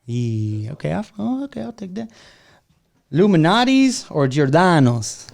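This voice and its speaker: A man's voice: on the high side, very animated, normal speed, vocal fry, darkish tone. A man hosting a casual podcast interview, laid-back and jokey, full of slang and "bro.". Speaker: podcast host.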